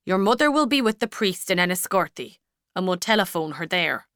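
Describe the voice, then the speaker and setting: A woman reading a storybook, voicing a middle-aged male priest who speaks softly and carefully, consoling. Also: lowish voice, expressive, brisk, clean tone, no room sound, clean studio sound. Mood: gentle. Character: gentle middle-aged Irish priest, man.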